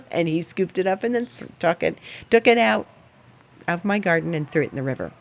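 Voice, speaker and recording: A middle-aged woman with a low voice talks through her astrology forecast in a chatty, animated way. She tells stories with plenty of laughter and spoken asides. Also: normal speed, gravelly. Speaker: astrologer host. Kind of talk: casual storytelling and astrology forecast.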